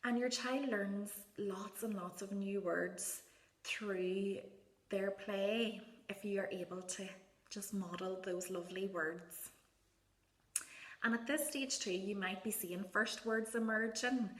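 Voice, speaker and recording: A woman speech therapist gives parents gentle, encouraging advice and models words in a soft sing-song voice. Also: medium pitch, fairly even intonation, slow. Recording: echoey room.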